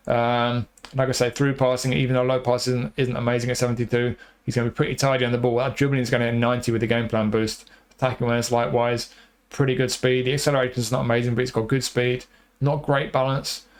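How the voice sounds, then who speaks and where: Male game reviewer, quick delivery, flat intonation, rambling with fillers. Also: medium pitch. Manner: rambling, repeats himself, many fillers. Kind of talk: casual commentary over gameplay.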